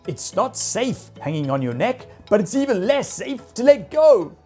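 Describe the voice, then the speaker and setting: A woman's voice: mid-range voice, very animated, moderate pace, mellow, faint music behind, voice pushed up. A woman voicing a brave, proud old male bear who speaks earnestly in a storybook reading.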